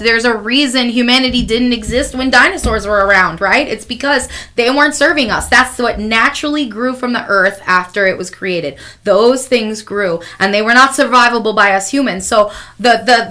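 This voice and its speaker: A woman's voice: a little high, sharp tone. A woman with a Chicago accent co-hosting a podcast, chatting casually about spiritual growth in a rambling way full of "like" and "um". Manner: rambling, heavy on "like" and "um". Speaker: podcast co-host.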